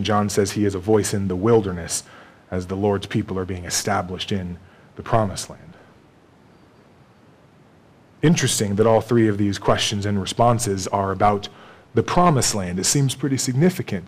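A man's voice: fairly low pitch, slightly rough. A man preaching a sermon in a conversational way, acting out bits of dialogue and laughing with the congregation. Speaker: pastor.

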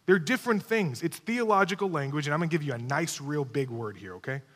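A male pastor delivering a sermon in a slightly high voice. He teaches with emphasis, repeating key words and checking that his listeners follow. His voice rings out with a long reverb through a large hall. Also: lively intonation, fast talker, fairly bright tone.

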